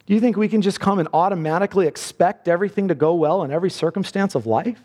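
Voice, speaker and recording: A man's voice: high-pitched, fast talker, a little mellow. A male pastor preaching a sermon in a church, earnest and building to fervent emphasis. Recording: long reverb of a large hall.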